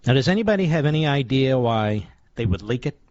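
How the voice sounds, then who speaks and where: A man's voice: medium pitch, animated, brisk, darkish tone, no echo, highs cut off. Combative male talk radio host. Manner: combative, sarcastic, punchy short phrases. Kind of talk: political talk radio monologue.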